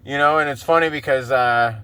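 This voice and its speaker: A man's voice: medium pitch, a little fast, sharp tone, clean tone. A man hosting a casual solo podcast, rambling and swearing freely and laughing often. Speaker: podcast host.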